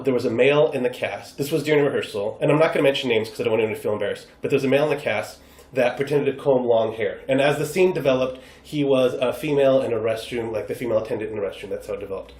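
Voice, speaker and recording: An American man, a guest improv performer, chatting casually on a podcast and acting out quoted voices as he tells stories. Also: medium pitch. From United States. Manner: animated, acts out quoted voices. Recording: roomy echo.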